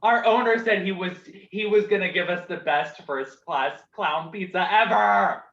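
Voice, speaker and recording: A man's voice: high-pitched, measured pace, creaky, fairly bright tone, echoey room, dull audio, full character voice. A man playing a gloomy, whiny male dog in an online improv comedy scene. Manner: complaining, mopey.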